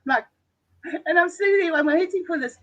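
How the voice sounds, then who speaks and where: A woman's voice: very high-pitched, fairly quick, fairly bright tone, lo-fi sound. A woman guest on a live stream, a chat moderator, telling stories in a chatty way and laughing often.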